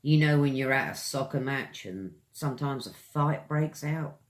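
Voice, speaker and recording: In an online pronunciation class, a British man elongates each word deliberately and talks casually with his audience between examples. His voice is medium in pitch with lively intonation.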